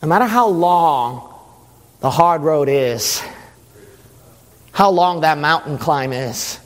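A man delivers a sermon with slow, dramatic pacing, letting low phrases stretch out. His voice sits a little high for a man. A long reverb trails behind his words. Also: animated.

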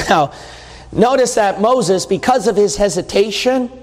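Man, pastor, high voice, animated jokey sermon, long echo of a hall. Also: measured pace. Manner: animated, jokey preaching with acted outbursts.

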